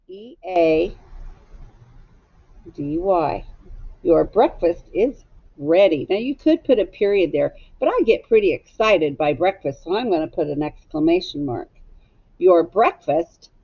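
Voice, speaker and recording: Slow, patient woman teaching phonics. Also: on the low side, animated, highs cut off. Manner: slow, patient spelling out letter by letter; gently encouraging. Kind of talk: recorded phonics lesson for children.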